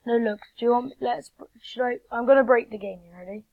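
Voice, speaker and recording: Excitable woman gamer, gravelly lo-fi voice. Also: a little high, a little fast, dry recording. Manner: excitable, talks straight to viewers. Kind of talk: live gameplay commentary.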